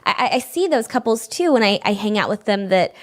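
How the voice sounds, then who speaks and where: A woman with a mid-range voice chats on a podcast about marriage. She is animated and rambling, and fills her talk with "like" as she thinks out loud. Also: mid-range voice, brisk. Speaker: podcast co-host. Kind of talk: conversational podcast discussion.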